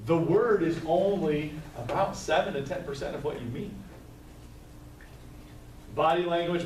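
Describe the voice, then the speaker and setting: A man leading a live staff training session, talking conversationally, telling stories and checking in with "right?" as he goes. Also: medium pitch. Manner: conversational, storytelling, tags points with "right?". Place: training room with tables. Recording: echoey room, mic far off, faint noise.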